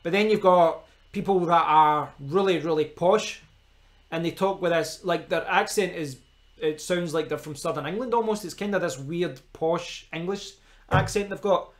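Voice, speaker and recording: Scottish male streamer, loose rambling chat, voice sits a touch high. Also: moderate pace. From Scotland. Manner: rambling, chatty, frequent restarts and fillers. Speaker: live stream host. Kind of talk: casual chat.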